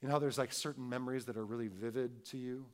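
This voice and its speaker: A man, a pastor, preaching a conversational sermon, punctuating points with tag questions and moving between loud emphatic stresses and quiet, slow reflective passages. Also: mid-range voice, fairly even intonation.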